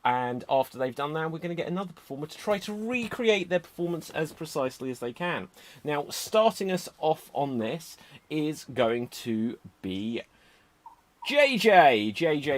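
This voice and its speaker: A man hosting a live online improv comedy show, giving brisk, upbeat instructions over a video call. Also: on the high side. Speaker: host.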